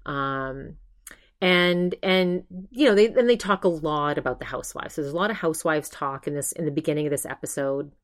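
A woman's voice: low-pitched, fairly quick. A woman hosting her own podcast, talking casually and rambling, with many restarts as she retells what others said. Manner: chatty, rambling with frequent restarts and "she's like" retellings. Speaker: podcast host. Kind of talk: casual monologue review.

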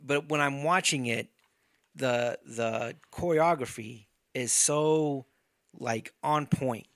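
A man's voice: mid-range voice, takes it slowly, no echo, clean studio sound. A man co-hosting a podcast in casual chat, telling stories animatedly and acting out scenes, with frequent swearing. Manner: animated storyteller, acts out scenes, swears often. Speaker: podcast co-host.

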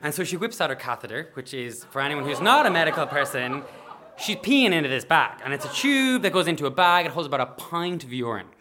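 A man, a nurse, telling a story to an audience, animated and acting out the people in it. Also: on the high side, a little fast, background noise. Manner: animated, acts out voices, bursts of shouting and laughter. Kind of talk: live storytelling.

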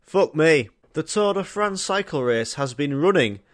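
A man's voice: fairly high pitch, animated, measured pace. A young man, telling rambling, sweary, jokey stories on his own podcast. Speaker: podcast host. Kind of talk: casual solo podcast storytelling.

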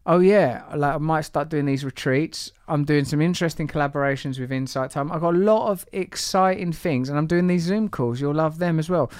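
A man's voice: fairly high pitch, a little fast, hardly any pauses, darkish tone, clear, resonant tone, no room sound, studio quality. A man hosting a podcast, teasing and rambling through asides between introductions. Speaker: podcast host. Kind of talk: playful podcast intro and banter.

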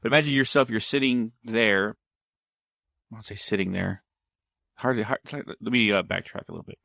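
A man's voice: on the low side, normal speed, gravelly, bright, forceful tone, no echo. A man telling a story in casual conversation, meandering and often backtracking to explain himself.

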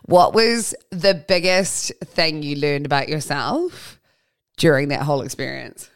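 A woman's voice: low voice, animated, unhurried, clean tone. A young woman hosting a podcast, chatting in a friendly, casual way and affirming her guest often. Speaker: podcast host. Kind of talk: casual interview chat.

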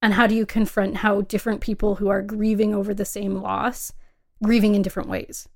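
A woman's voice: medium pitch, flat delivery, fairly quick, vocal fry. A young adult woman co-hosting a casual film podcast, chatty and emphatic, laughing often. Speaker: podcast co-host.

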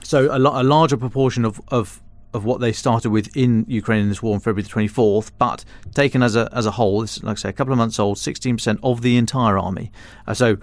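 A man's voice: mid-range voice, fairly even intonation, quick pace, hardly any pauses, dry recording. A man, a defence and security editor, giving casual podcast analysis in an explanatory way, often stopping and restarting mid-phrase.

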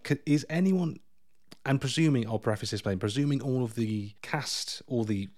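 A man's voice: medium pitch, moderate pace, darkish tone. A man, a podcast co-host who chats casually about a film in wry, rambling asides.

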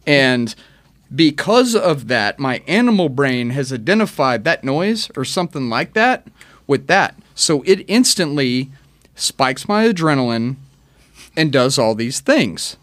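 Profane, animated man telling stories. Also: medium pitch, measured pace, no echo. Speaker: podcast guest, army veteran. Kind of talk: casual podcast chat.

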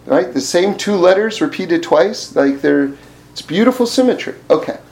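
A man giving an informal Torah class, animated and often laughing, repeating words as he thinks. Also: high-pitched, normal speed, rough recording. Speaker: Torah teacher.

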